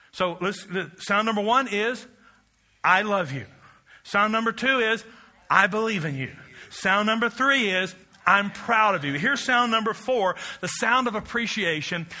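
A man's voice: high voice, sharp tone. A middle-aged man preaching a sermon, emphatic and leading the congregation in call-and-response.

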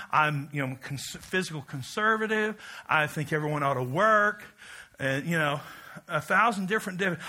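Man, middle-aged, sermon, high pitch, very bright tone, emphatic, folksy asides. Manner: emphatic preaching, rising to loud peaks. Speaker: pastor.

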